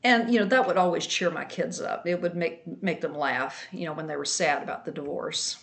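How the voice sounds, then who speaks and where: Woman, lowish voice, calm storytime narration, subdued, matter-of-fact. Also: a little fast. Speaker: vlogger, night shift nurse.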